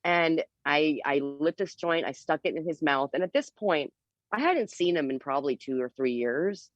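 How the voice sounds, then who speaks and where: A woman guest on a podcast telling a story in a casual, animated way. She is candid and uses a lot of fillers. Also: low-pitched, normal speed, no room sound, lo-fi sound. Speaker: interview guest.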